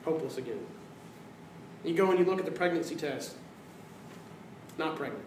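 In a spacious sanctuary, slightly distant and over a faint room hum, a pastor delivers his sermon at a moderate pace. His voice sits high for a man, and he swings animatedly between acted-out quoted voices and hushed moments.

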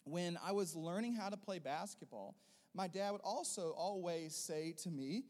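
High-voiced man preaching in a reverberant hall. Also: normal speed. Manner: preaches loudly with rising bursts, then softer teaching. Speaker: pastor. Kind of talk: sermon.

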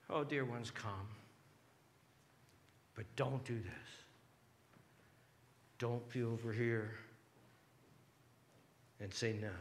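A male pastor preaching a sermon with passion, dropping to hushed whispers and rising to shouted pleas. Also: medium pitch, drawn-out words, pauses often, slight background noise.

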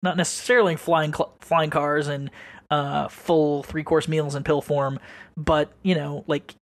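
A man's voice: fairly high pitch, little pitch movement, a little slow, no room sound. A man co-hosting a podcast in casual chat, rambling, musing and swearing freely. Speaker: podcast co-host.

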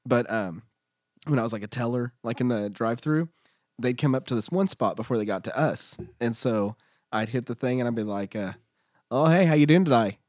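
A chatty man co-hosting a podcast, telling everyday stories with easy humor. His voice is mid-pitched and recorded dry and close to the mic. He talks loosely and playfully. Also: brisk, darkish tone, dry recording. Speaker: podcast co-host. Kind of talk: casual podcast banter.

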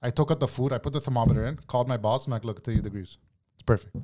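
In a casual podcast conversation, a guest races through a work story with a dark tone in his mid-range voice. It's profane and heated, with free swearing and both sides of an argument acted out.

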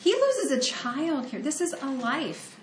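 A woman's voice: sits high, big pitch swings, unhurried, roomy sound, a little hiss or hum. A woman from Ohio giving a conversational, earnest sermon that mixes scripture reading with personal storytelling. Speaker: preacher.

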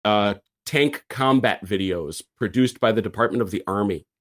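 A man's voice: lowish voice, normal speed, a bit bright. A man in casual podcast chat who tells a rambling story and often stops and restarts his phrases. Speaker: podcast panelist.

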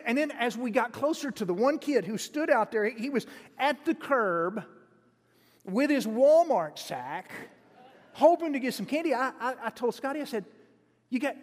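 A man preaching a sermon, telling a story in a folksy, animated way with frequent restarts, in a church sanctuary. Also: high voice. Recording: long hall reverb.

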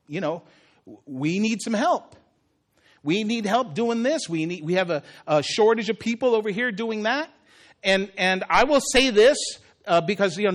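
A man with a notably high-pitched voice preaches a sermon to his church. He keeps it conversational and personal, and slips into the voices of the figures in the story as he retells it. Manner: conversational preaching, acts out Jesus' words. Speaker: pastor.

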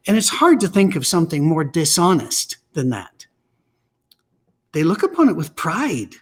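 Emphatic preacher, man with raised pitch. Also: wildly swooping pitch, moderate pace, slightly rough. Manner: conversational storytelling, emphatic and blunt. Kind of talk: weekly message on church teaching.

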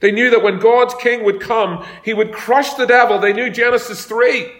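A man's voice: very high voice, fairly even intonation, normal speed, fairly bright tone. A man preaching a sermon as pastor, talking in a conversational way and telling homely stories. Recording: echoey room.

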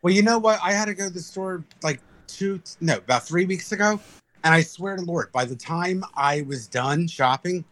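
A man in casual podcast chat, telling animated stories and swearing freely. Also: high-pitched, normal speed.

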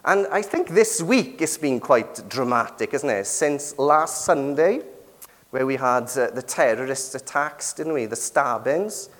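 A middle-aged British man gives a sermon in a chatty, questioning way, his pitch rising and falling a lot. His voice sits at an ordinary middle pitch. It rings through a church hall with a long echo. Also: expressive, unhurried, a bit bright. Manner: conversational, asks the congregation questions with frequent tag questions. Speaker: preacher.

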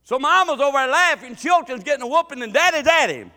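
A man's voice: extremely high pitch, expressive, fast, pushed and bright, big-room sound. A man preaching a folksy sermon, telling family stories with emphatic, stammering restarts. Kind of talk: sermon with storytelling.

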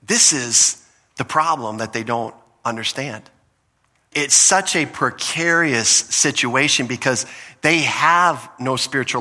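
A man's voice: fairly high pitch, pushed and bright, long reverb tail. A man preaching a sermon as pastor, earnest and teaching, often restarting his phrases.

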